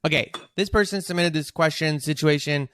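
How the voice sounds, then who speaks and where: A male podcast host with a smooth, clear voice, recorded close and dry. He talks candidly and casually, with dark jokes and open feeling. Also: on the high side, fairly quick, dry recording. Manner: candid, emotional, joking.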